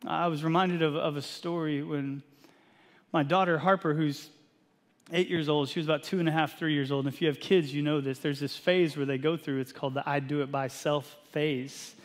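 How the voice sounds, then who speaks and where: A man in his thirties from Texas, a pastor preaching a sermon and telling an animated, self-deprecating family story. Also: a little high, a little fast. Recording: long hall reverb.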